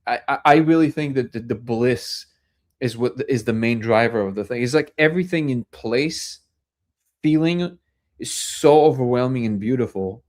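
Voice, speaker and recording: A man's voice: medium pitch, moderate pace, darkish tone. A man hosting a live discussion show, telling stories in a rambling way with many fillers and restarts. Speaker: host.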